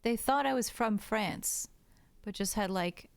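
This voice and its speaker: A woman's voice: mid-range voice, measured pace, creaky, smooth, dry recording. An American woman, a French teacher, chatting casually to her stream viewers while drawing, swearing freely, filling her talk with "like" and laughing often. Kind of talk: casual livestream chat to viewers. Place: indoors at a computer.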